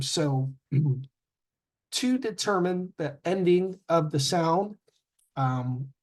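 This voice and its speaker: A man teaching a grammar lesson, halting with fillers and self-corrections and sounding out word endings. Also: fairly high pitch. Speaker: English teacher.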